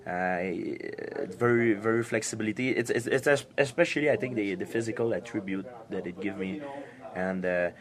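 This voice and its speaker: A young man answering interview questions in halting, repetitive English, laughing easily. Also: fairly low pitch. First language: French. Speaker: interviewed fighter. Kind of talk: casual interview.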